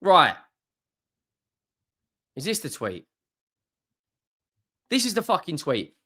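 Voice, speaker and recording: A man's voice: wildly swooping pitch, measured pace, breathy edge. Ranting football fan man. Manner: swears often, swings from low muttering to loud exasperated outbursts.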